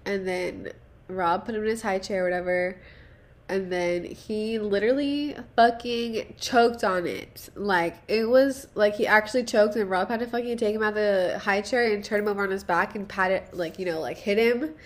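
Profane, rambling young mom. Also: female voice, medium pitch, normal speed. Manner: rambling, profane, self-deprecating, with nervous laughs. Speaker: podcast host. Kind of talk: casual solo podcast talk.

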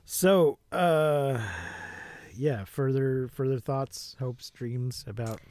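A man's voice: medium pitch, extremely slow, darkish tone, dry recording. A man co-hosting a casual podcast, reading a plot summary aloud with wry asides. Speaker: podcast co-host.

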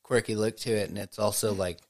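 A man's voice: fairly low pitch, steady tone, brisk, gravelly, darkish tone, dry recording. A young man hosting a podcast in casual chat at a friend's home, loose and joking, swearing freely and calling people dude. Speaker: podcast host. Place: guest's home.

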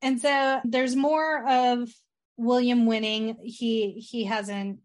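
A woman's voice: on the high side, fairly even intonation, takes it slowly. A woman hosting a podcast, recapping a film in casual chat and retelling scenes as stories. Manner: storytelling, acts out quotes. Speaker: podcast host.

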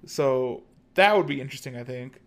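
A man's voice: medium pitch, expressive, normal speed, fairly bright tone. A man co-hosting a podcast in casual chat, talking loosely with many fillers and restarts. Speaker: podcast co-host.

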